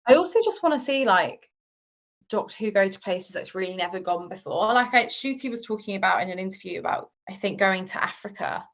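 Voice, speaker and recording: A woman's voice: mid-range voice, expressive, a little fast, a bit bright. Chatty woman guest, muffled sound. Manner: chatty, leans on fillers like "like" and "um". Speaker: guest author. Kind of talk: casual podcast interview. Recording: slightly muffled lo-fi recording.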